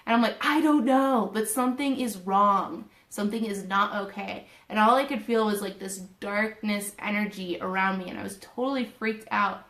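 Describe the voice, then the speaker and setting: A young woman hosting a spiritual talk, casually retelling a personal story in an animated, emotional way. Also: medium pitch, normal speed, few pauses. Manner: animated, emotional retelling with quoted inner voices. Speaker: spiritual video host. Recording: roomy echo.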